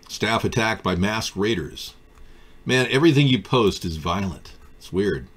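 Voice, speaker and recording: A male live stream host chats casually about politics, answering viewers in a sardonic, riffing way. His pitch swings around freely as he talks. Typing on a keyboard can be heard near him. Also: expressive, measured pace, fairly bright tone, breathy edge. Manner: sardonic, riffs off viewer comments.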